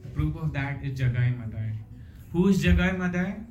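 A man's voice: on the high side, expressive, normal speed, darkish tone, highs cut off, soft background music. A man giving a devotional storytelling talk, earnest and full of rhetorical questions. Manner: earnest, fond of rhetorical questions and "you know". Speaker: devotional speaker. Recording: echoey hall with faint noise.

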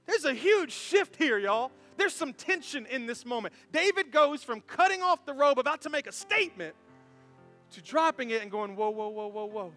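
A man preaching a sermon as pastor, animated and conversational, full of rhetorical questions to the congregation. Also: very high-pitched, normal speed, faint music behind.

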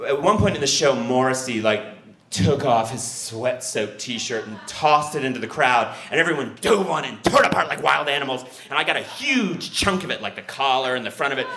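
A young man tells a personal story to a live audience, his voice lively and full of swoops up and down. His tone is bright and forward, and he jumps into high bursts to act out his own panic. The sound is roomy, as if from a stage. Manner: animated, acts out his panicked inner voice in sudden high bursts.

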